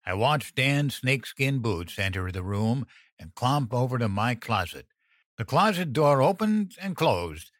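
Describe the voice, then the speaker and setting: A man reading a first-person horror story as an audiobook narrator, tense and measured. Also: medium pitch, fairly bright tone, dry recording, studio quality.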